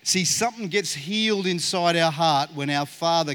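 Aussie guy preaching, slightly higher voice, earnest, acts out little bits of dialogue. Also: moderate pace, hardly any pauses, fairly bright tone, smooth. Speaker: pastor. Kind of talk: sermon.

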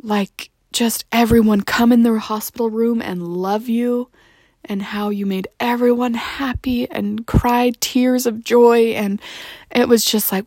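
A young mother hosting her own podcast, speaking tenderly and gushing with plenty of ums, sometimes dropping into soft whispers. Her voice has a light gravelly fry. The recording is dry and close, with no room sound. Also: a little high, fairly even intonation, unhurried, no echo. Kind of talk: heartfelt personal monologue.

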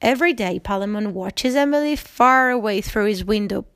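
A woman's voice: mid-range voice, normal speed, fairly bright tone, clean tone, no echo, lightly acted. A woman reading the lines of a lovesick, scheming young male knight in a storybook reading, with small restarts.

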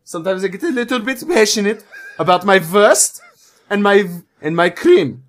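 A man's voice: high voice, lively intonation, moderate pace. A man voicing a pompous German-accented businessman with a put-on German accent, ranting and indignant. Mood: huffy.

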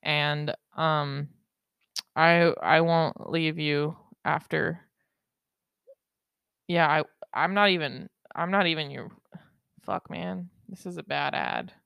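A woman's voice: low voice, fairly even intonation, takes it slowly, vocal fry, pauses often, fairly bright tone, clean tone, dry recording, studio quality. A woman hosting a solo podcast, rambling and joking with lots of swearing and laughter. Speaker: podcast host. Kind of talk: casual solo podcast monologue.

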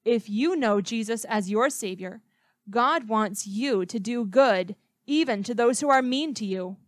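Gentle woman teaching a children's Bible lesson. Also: on the high side, animated, dry recording. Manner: asks the listener questions, slow and gentle.

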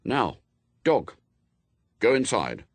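A man's voice: medium pitch, sing-song, drawn-out words, dry recording, heavily acted. A man voicing a curious, eager young boy in an audiobook reading. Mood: insistent. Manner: hopeful, boyish.

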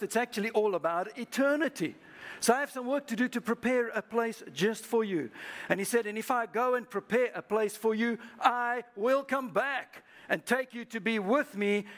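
A man with a high voice preaches to his congregation. He leads the room in call-and-response, asking listeners to repeat lines to their neighbours. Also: fairly bright tone. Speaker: pastor. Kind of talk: sermon. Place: church service.

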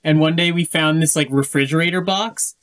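A man's voice: fairly high pitch, brisk, a bit bright. A young man telling a rambling story in casual chat and correcting himself as he goes.

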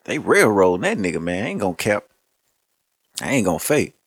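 A man's voice: on the low side, very animated, a little fast, slightly rough, no room sound, studio quality. A man hosting a podcast, talking loosely and profanely in a casual, laughing way. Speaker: podcast host. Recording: music playing underneath.

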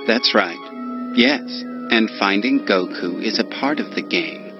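An actor voicing a cold, smug young android who speaks calmly and mockingly in a dubbed anime scene. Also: male voice, lowish voice, a little slow. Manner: calm, detached, mocking. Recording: dull clip with loud music.

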